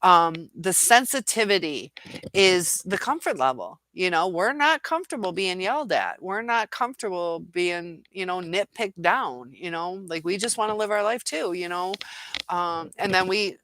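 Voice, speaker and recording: A woman's voice: lowish voice, lively intonation, moderate pace, a bit bright, no echo. A woman hosting a casual live-stream chat, reading viewer comments and answering in a rambling way with many fillers and quoted asides.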